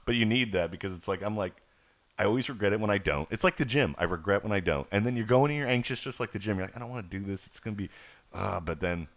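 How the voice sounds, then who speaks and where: A man's voice: lowish voice, animated, fast. A man hosting a podcast in casual chat, rambling and profane as he tells stories. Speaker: podcast host.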